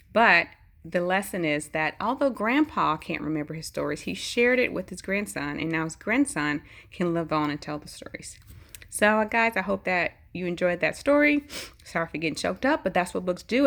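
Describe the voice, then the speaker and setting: A woman reading a bedtime story aloud in an expressive, gentle way, speaking straight to her young listeners. Her voice sits low but moves widely in pitch. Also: vocal fry. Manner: expressive, gentle, talks directly to children.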